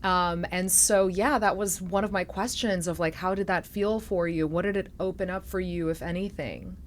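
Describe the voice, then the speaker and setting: A reflective woman host speaks softly in a somewhat low voice, opening up in an intimate conversation. A faint hiss sits under her voice. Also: fairly even intonation, moderate pace. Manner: reflective, soft-spoken, emotional at times. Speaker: podcast host.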